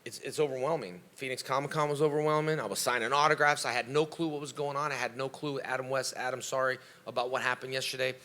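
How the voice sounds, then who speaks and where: Bright-voiced man, motivational panel guest. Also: mid-range voice, quick pace, hardly any pauses. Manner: animated, acts out quoted voices; motivational, preaching self-belief. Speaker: karate teacher. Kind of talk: convention panel Q&A answers. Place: convention panel room.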